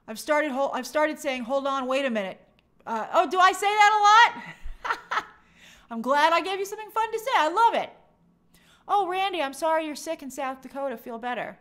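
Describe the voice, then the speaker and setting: A woman's voice: high-pitched, a bit bright. A woman from New York hosting a livestream, reading viewer comments aloud in a bubbly, gushing way and stumbling over hard names. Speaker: livestream host. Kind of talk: casual live chat reading viewer comments.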